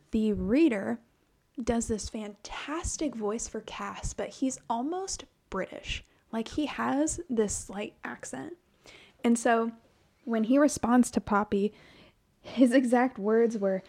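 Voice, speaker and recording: Woman cohost gushing about books, swears a ton, kinda high voice. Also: takes it slowly. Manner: animated, swears a lot, acts out quotes. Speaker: podcast co-host. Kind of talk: casual book chat.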